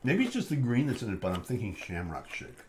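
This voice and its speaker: A man hosts a casual live stream, joking and laughing easily between lines. His mid-pitched voice swings widely in intonation, and faint noise sits beneath it. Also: wildly swooping pitch, fast talker. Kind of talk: casual chat.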